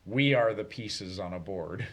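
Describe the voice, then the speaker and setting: In a community TV studio, a man with a fairly low, slightly breathy voice talks through a topic in easygoing, unhurried chat. Like a community TV co-host, he explains at length in a relaxed way, with plenty of "um"s and small restarts.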